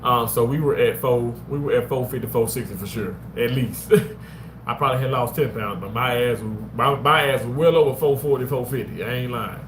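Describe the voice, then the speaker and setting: A man chatting casually with his live-stream viewers, rambling and animated, now and then bursting into loud excited shouts. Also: medium pitch, brisk. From Mississippi. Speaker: vlogger reading live chat. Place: outdoors on a walk. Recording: roomy, with faint ambient noise.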